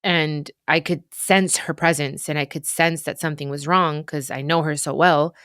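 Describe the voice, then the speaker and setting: A woman in her thirties hosting a podcast, speaking earnestly and confessionally with soft pauses in a reflective personal monologue. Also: low voice, fairly even intonation, no room sound, studio quality. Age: 30s. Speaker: podcast host.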